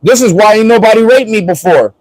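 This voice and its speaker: A man's voice: sits high, a little fast, no room sound, poor audio. A man from Florida chatting casually on a livestream, joking and rambling and laughing often.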